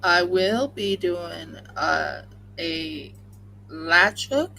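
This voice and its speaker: A woman's voice: on the low side, very slow, creaky, bright, forceful tone, a little hiss or hum, low-quality recording. A woman hosting a crafting livestream, chatting casually and rambling with many fillers while she crochets at home.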